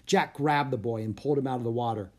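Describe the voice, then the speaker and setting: Steady storybook narrator, mid pitch. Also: fast talker. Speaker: audiobook narrator.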